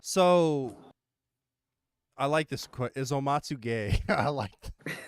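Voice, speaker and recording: Animated man hosting a gaming stream. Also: medium pitch, slow, clean tone, dry recording. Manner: animated, swears, restarts, laughs often. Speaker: livestream host. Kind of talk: casual gaming chat.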